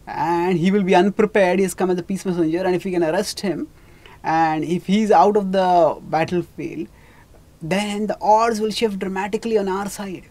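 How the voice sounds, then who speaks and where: A religious teacher retelling scripture in a lecture, speaking haltingly with restarts on names and quoting the characters. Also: medium pitch, steady tone, a little mellow.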